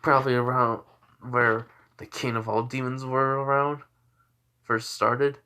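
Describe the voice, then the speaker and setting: A man's voice: mid-range voice, little pitch movement, a little slow, pushed and bright, smooth. Cruel, sneering demons who mock their foe in slightly raised voices, read by a man. They sound scornful and dismissive. This is a homemade fan story.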